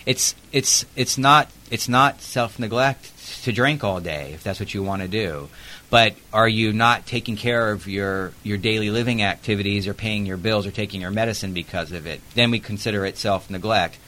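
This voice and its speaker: A man's voice: fairly low pitch, moderate pace, pushed and bright. A man who works as an investigator, telling a work story in a chatty interview with plenty of fillers. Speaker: protective services investigator.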